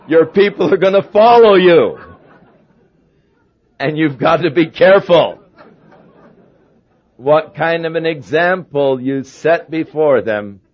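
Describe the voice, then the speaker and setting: A man's voice: a little high, slow pace, long pauses, some chatter behind. Storytelling male preacher, lo-fi. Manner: anecdotal, humorous storyteller. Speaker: pastor. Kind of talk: sermon. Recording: dull lo-fi sermon recording.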